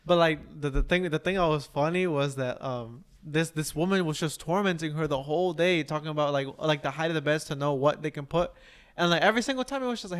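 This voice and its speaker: A man's voice: fairly high pitch, quick pace, clean tone. A young man on a podcast, ranting in an exasperated, slangy way with swearing. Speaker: podcast guest. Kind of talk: casual chat.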